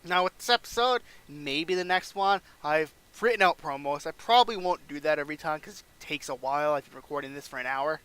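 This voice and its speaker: A man's voice: fairly high pitch, animated, brisk, few pauses, sharp tone, smooth. A man casually narrating a wrestling management game playthrough, recapping matches and reading scores aloud.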